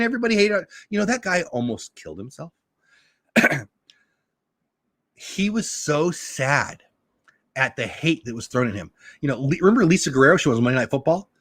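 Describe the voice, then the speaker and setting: A man's voice: fairly high pitch, no room sound. Chatty middle-aged man, dry close mic. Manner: animated, chatty, reads chat aloud. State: slight sore throat. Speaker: live show host. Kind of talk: casual live-stream chat.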